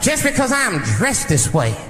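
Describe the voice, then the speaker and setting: A man on stage doing an offended young woman at a bar, in a high indignant voice, in an echoey hall with an audience. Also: big pitch swings, moderate pace. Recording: echoey hall with crowd noise.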